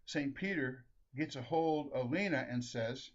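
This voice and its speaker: Chuckling man telling jokes. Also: mid-range voice. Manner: chuckles often, halting restarts. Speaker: storyteller. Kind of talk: comic joke telling. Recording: dull lo-fi recording.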